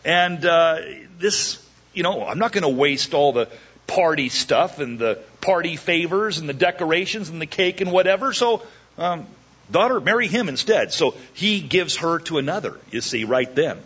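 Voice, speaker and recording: A man preaching verse by verse, joking and acting out the characters' lines in a lively way. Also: a little high, moderate pace, breathy edge, lo-fi sound. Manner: animated, jokey, acts out the characters' lines. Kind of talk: verse-by-verse sermon.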